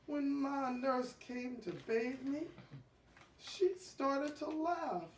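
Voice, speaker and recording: A woman telling a comic story in the first person, stammering and breaking into loud, indignant outbursts. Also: high voice, extremely slow. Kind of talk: comic monologue. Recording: echoey room from far off.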